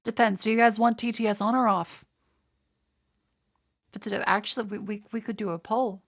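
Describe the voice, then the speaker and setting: A woman's voice: medium pitch, fairly even intonation, normal speed. A woman with an Australian accent, chatting casually on a livestream and swearing freely. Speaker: streamer.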